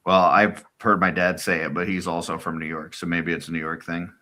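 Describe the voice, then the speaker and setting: A man in his forties with a very deep, low voice, chatting casually. He slips in dry, deadpan jokes as he talks. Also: fairly quick. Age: 40s. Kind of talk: casual chat.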